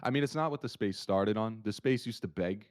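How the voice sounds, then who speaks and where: A man co-hosting a market analysis livestream, talking in an animated, rambling way with many restarts. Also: on the low side, brisk. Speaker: market analyst stream co-host. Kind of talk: casual livestream chat.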